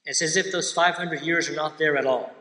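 A man preaching, retelling a religious parable in a measured, earnest way. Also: a little high, steady tone, sharp tone. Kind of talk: sermon storytelling. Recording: echoey hall with long reverb.

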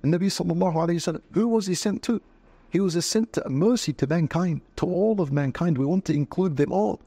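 A male religious scholar answers in a rapid, earnest, preaching flow. His voice is husky and darkly mellow, sitting a touch high for a man. The sound is close and dry. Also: no room sound. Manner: earnest, preaching, quotes scripture. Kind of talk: interview answers on faith.

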